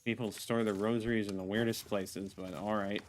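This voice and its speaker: A man's voice: fairly low pitch, steady tone, moderate pace, slight background noise. A man streaming a video game, chatting casually as he plays, rambling, restarting words and talking to his viewers. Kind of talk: casual gameplay commentary.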